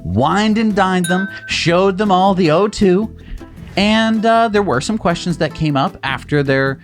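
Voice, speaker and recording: A man co-hosting a casual news chat, expressive and mocking. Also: high voice, a little slow, soft background music. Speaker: co-host.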